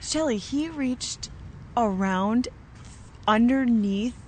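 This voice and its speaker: A woman's voice: fairly high pitch, lively intonation, slow pace, a little hiss or hum, low-quality recording. A woman hosting a podcast, chatting casually and recapping what her guest has told her. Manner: conversational, prompting and recapping the guest's story. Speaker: podcast host. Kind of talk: casual interview chat.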